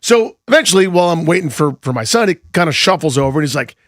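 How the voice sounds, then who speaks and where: A man's voice: on the high side, animated, fast talker, fairly bright tone, no room sound, clean studio sound. A man co-hosting a radio show, telling a story in casual chat and acting out both sides of the conversation. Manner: storytelling, self-deprecating, acts out dialogue. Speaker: radio co-host. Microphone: studio microphone.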